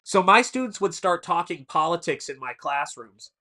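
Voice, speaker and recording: A man's voice: on the high side, expressive, moderate pace, bright, forceful tone. A man in his forties hosting a casual live stream, telling rambling stories and stopping to answer the chat. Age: 40s. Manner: rambling storyteller who answers chat mid-story.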